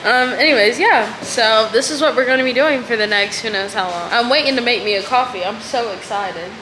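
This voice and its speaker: A woman's voice: fairly high pitch, brisk, noisy background. A young woman in her twenties chatting casually to her vlog camera, filling her talk with "like.". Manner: chatty, lots of filler "like". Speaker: vlogger.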